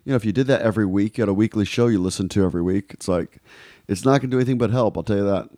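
A man hosting a podcast in easygoing, casual chat, often repeating words and filling pauses. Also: on the low side, dark tone, no echo, clean studio sound. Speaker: podcast host.

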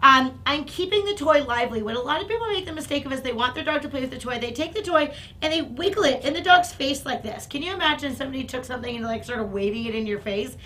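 A woman dog trainer explaining and demonstrating toys, breaking into excited praise for her dog. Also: fast, a little hiss or hum. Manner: upbeat, bursts into high excited praise for the dog.

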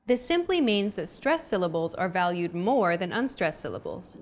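Lively upbeat woman teaching a lesson. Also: on the low side, moderate pace. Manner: upbeat, clear teacherly delivery. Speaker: language lesson host. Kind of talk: scripted lesson narration.

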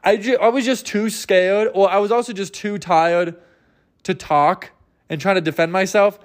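A man's voice: sits high, fairly even intonation, moderate pace. A man hosting a podcast, telling a rambling, self-mocking comic story and acting out the people in it. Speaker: podcast host. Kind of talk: rambling comedic monologue.

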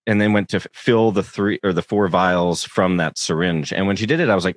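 A man with a very deep voice chats casually on a podcast, telling stories with lots of laughter. His voice jumps up when he acts exasperated, and the sound is dry and close. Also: fast talker, hardly any pauses, no echo. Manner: animated, laughing, leaps up in pitch when exasperated. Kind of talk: casual chat.

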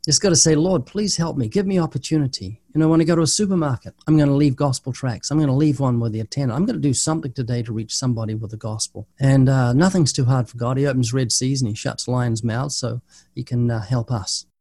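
A man's voice: mid-range voice, fast talker, dry recording. An older man, a guest evangelist, answering interview questions and telling stories in which he acts out the dialogue. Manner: animated storyteller acting out dialogue.

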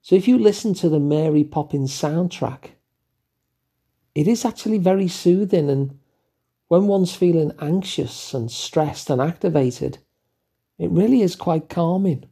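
An older man with an English accent, talking gently and thoughtfully as host of his own show, musing with asides. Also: fairly high pitch, unhurried, creaky, husky. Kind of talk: reflective solo talk.

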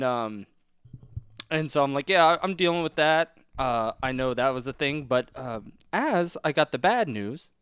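A man's voice: medium pitch, clear, resonant tone, dry recording. A young man hosting a podcast, telling stories in casual chat, laughing and swearing freely. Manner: laughing, animated storyteller who swears freely. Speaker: podcast host. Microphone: studio mic.

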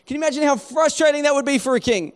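A man's voice: very high voice, rapid-fire. A man preaching a sermon in a conversational way, asking rhetorical questions and restarting his phrases. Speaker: pastor.

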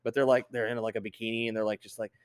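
A young man hosting a casual podcast, swearing constantly and ranting with loud outbursts. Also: fairly low pitch, level tone, racing, clean tone. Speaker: podcast host.

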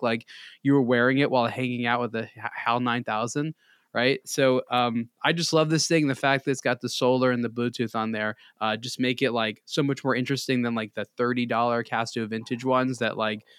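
A man's voice: mid-range voice, fairly bright tone, dry recording, studio quality. A man on a podcast panel chatting casually, rambling with lots of filler. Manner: rambling, lots of "like, you know". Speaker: podcast regular and site founder. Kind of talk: casual chat with a read ad.

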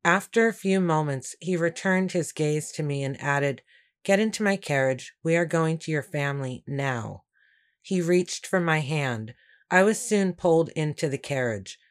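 A woman reading a first-person story aloud in a steady, measured way. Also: low voice. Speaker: audiobook narrator. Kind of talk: first-person scripted narration.

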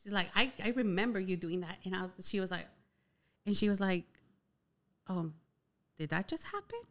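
A young woman casually telling a personal story, chatty and animated, with a lot of "like" filler. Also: medium pitch, moderate pace. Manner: chatty, heavy use of "like" filler, animated retelling.

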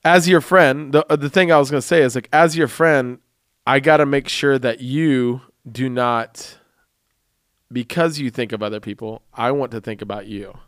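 A young man hosting a podcast, talking in a rambling, jokey, animated way. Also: mid-range voice, moderate pace, smooth, dry recording, clean studio sound. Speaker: podcast host. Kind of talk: casual chat.

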